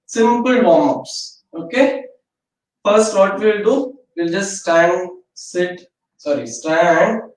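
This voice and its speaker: A man guiding a yoga class in calm, gentle, step-by-step instructions. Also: high-pitched. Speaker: yoga teacher. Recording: echoey room from far off.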